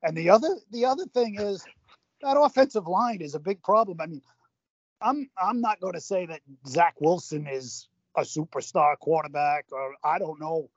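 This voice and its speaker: A man's voice: a little high, normal speed, no room sound. A man co-hosting a casual sports podcast, arguing his points emphatically with a string of rhetorical questions. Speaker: podcast co-host. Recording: slightly muffled lo-fi podcast audio.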